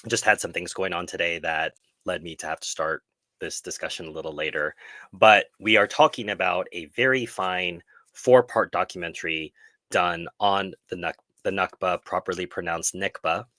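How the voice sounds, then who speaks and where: A man's voice: low voice, moderate pace, bright, forceful tone, no echo. A man hosting a film club live stream, talking earnestly and reflectively and often correcting himself mid-sentence. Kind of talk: casual live stream discussion.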